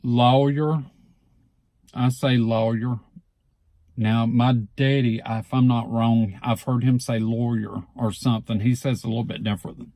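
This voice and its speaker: Vlogger, male, Southeast Alabama accent, warm low-key tone, close dry mic, unhurried word-by-word delivery. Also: no room sound. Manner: relaxed, repeats words slowly and deliberately. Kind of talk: casual word-list reading.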